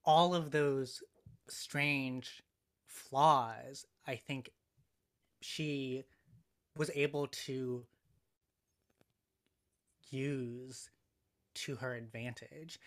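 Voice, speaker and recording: Male podcast guest, bright and forceful, measured and reflective, many pauses. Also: medium pitch, steady tone. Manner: thoughtful, measured, frequent ums and pauses. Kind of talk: casual conversational analysis.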